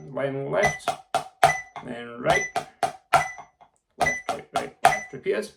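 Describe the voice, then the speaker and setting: A man's voice: mid-range voice, expressive, slow pace, creaky, long pauses. A man teaching snare drumming, counting aloud and vocalizing the rhythms. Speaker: drum tutor. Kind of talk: instructional lesson. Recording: loud background noise. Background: snare drum playing.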